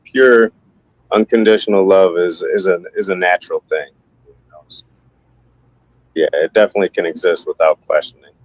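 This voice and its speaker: A man co-hosting a podcast, speaking earnestly in halting phrases that repeat words and often add "man". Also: deep voice, dry recording, rough recording. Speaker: podcast co-host. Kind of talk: casual podcast chat.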